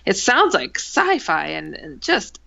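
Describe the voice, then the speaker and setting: Gravelly, bright-voiced woman telling a story. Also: lowish voice, slow. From Milwaukee, USA. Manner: animated, acts out dialogue in the story. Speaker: author and guest. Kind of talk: interview storytelling. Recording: dull lo-fi, dry.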